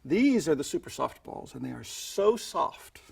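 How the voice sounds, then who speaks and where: A man's voice: on the high side, big pitch swings, measured pace, creaky, breathy edge. A man demonstrating sponge-ball magic step by step, chatty and playful, adding little sound effects as he goes. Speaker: magic instructor. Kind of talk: instructional magic tutorial.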